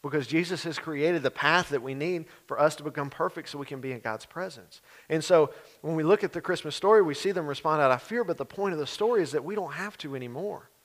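Man preaching, relaxed and chatty, acts out voices in the story. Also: on the high side, quick pace, hardly any pauses. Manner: conversational preaching, acts out voices of biblical figures. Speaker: pastor. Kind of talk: sermon.

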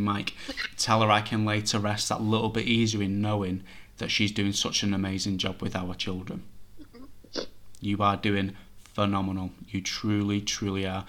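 With a fairly low, slightly bright voice, a man chats warmly and reassuringly as a psychic medium, relaying messages to the sitter he's reading for.

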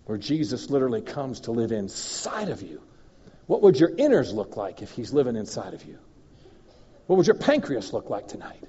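A man preaching as a guest minister, telling a story in an animated way that swings from loud and emphatic to low and confiding. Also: moderate pace, slight background noise. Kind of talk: storytelling sermon. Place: church hall. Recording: dull recording in a reverberant hall.

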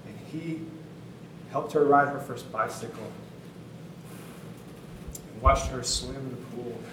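Pastor, male, 30s, casual earnest sermon storyteller, mid-pitched, echoey room, off-mic with faint noise. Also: slow. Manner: conversational, casual fillers, earnest. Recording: roomy sound from a distant mic.

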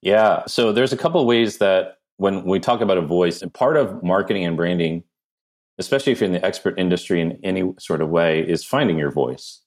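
Deep-voiced man with a Jersey accent. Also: brisk. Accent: New Jersey. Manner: animated, self-deprecating, quirky humor. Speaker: podcast guest, brand strategist. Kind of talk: conversational interview answers.

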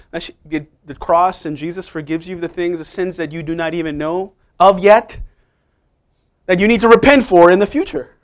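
A male pastor preaching a sermon, emphatic and playful, swinging from quiet asides to loud stresses. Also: high-pitched.

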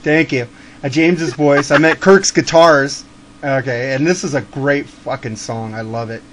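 A man hosting a casual music chat, swearing freely and gushing with excitement. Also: mid-range voice, moderate pace, a little hiss or hum. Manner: swears a lot, excitable fan talk.

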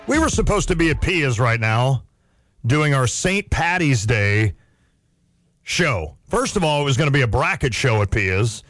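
A man hosting a sports radio show, chatting casually with self-deprecating quick asides into a studio mic. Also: medium pitch, very animated, a bit bright, no echo, soft background music.

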